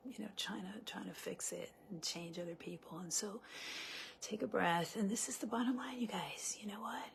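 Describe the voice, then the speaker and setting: A woman's voice: fairly low pitch, creaky, a little hiss or hum. A woman relationship coach talking earnestly and conversationally to her viewers, with many fillers and restarts. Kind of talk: live coaching talk to viewers.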